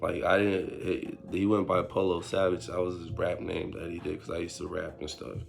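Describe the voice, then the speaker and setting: A young man tells a story in laid-back street slang, acting out what each person said. His voice sits low and gravelly and stays fairly flat in pitch. Faint music plays underneath. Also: normal speed. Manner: street slang, animated retelling with quoted voices. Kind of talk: casual storytime.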